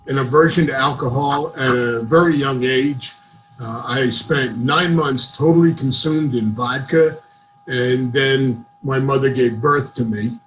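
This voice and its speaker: A man's voice: mid-range voice, unhurried, soft background music, rough recording. A man doing a stand-up set of one-liners over a video call, with dry setup-and-punchline delivery. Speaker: stand-up comedian.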